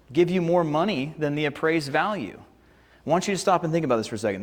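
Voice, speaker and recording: Man teaching negotiation in an echoing hall. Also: a little high. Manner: casual, joking, lively, rhetorical "right?" check-ins. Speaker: sales and negotiation trainer. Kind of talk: live seminar presentation with slides. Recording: long hall reverb.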